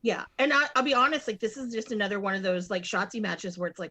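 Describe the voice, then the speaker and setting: A woman's voice: mid-range voice, fast talker, few pauses, sharp tone, no room sound. A woman co-hosting a casual wrestling podcast, talking in a hesitant way with many restarts. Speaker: regular podcast co-host.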